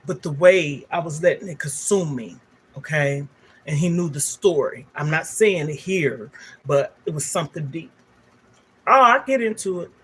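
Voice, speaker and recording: A woman's voice: deep voice, husky. An older woman, a livestream host telling a candid, emotional personal story straight to her viewers.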